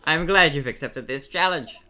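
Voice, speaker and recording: A woman's voice: low-pitched, normal speed. A woman voicing a boisterous goblin leader who chants and bellows orders to start a fight in a tabletop game. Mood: rowdy. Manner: loud rallying chant, bellowed commands.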